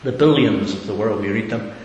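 A man preaches in a low, earnest voice that builds to emphatic repeated questions. His voice rings with a long echo off a large hall. A faint hiss runs beneath it. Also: a little fast, darkish tone, dull audio. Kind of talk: sermon. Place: church hall.

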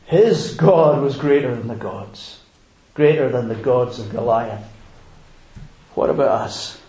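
A man preaching a sermon as a pastor, emphatic and deliberate with long pauses. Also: medium pitch, expressive, dark tone. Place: church. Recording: roomy church hall.

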